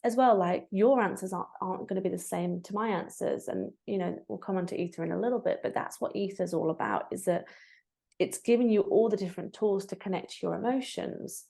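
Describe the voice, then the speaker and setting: A woman talks as a guest on a podcast. Her voice sits at a middle pitch. She speaks in a warm, animated way, full of "like" and "you know". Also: brisk, vocal fry. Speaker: guest, breathwork facilitator. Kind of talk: casual interview chat.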